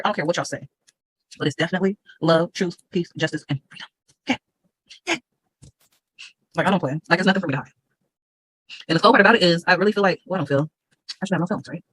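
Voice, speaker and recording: A woman's voice: on the low side, fast talker, pauses often, a bit bright, slightly rough, rough recording. A woman vlogging straight to her viewers in a combative, repetitive way, reading legal passages aloud between her own remarks. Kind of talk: direct-to-camera video rant, reading legal text aloud.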